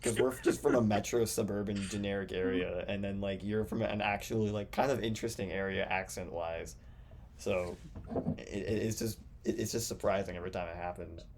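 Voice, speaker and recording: A young man with a fairly low voice hosts a relaxed podcast chat. He rambles, restarts himself and tosses in quick asides. A faint room ambience hums behind him. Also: a little hiss or hum. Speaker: podcast host. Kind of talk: casual chat.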